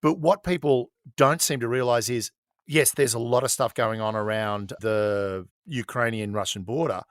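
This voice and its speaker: A man's voice: medium pitch, moderate pace, no echo. A middle-aged man co-hosting a casual political podcast, joking and slipping into mock voices. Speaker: podcast co-host.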